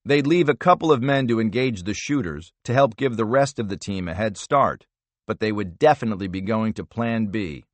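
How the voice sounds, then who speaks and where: A man reading a thriller audiobook in measured, expressive narration. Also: lowish voice, no echo.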